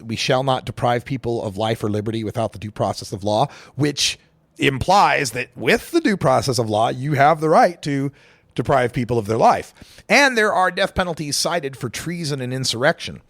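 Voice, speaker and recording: A man's voice: mid-range voice, a bit bright, no room sound. A middle-aged man from Idaho, hosting a talk radio show and giving emphatic, opinionated political commentary with sarcastic asides.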